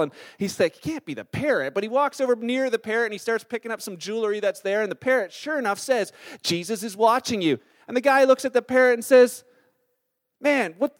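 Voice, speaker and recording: High-voiced, chatty pastor. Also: male voice. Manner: conversational, storytelling with many fillers. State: slightly sore voice. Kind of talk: sermon.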